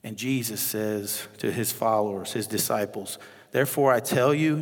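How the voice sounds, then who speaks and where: A male associate pastor with a Midwestern American accent preaches a sermon in a conversational, animated way, chatting with the congregation between readings. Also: fairly low pitch, normal speed. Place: church sanctuary. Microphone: lapel mic. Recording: long reverb of a church hall.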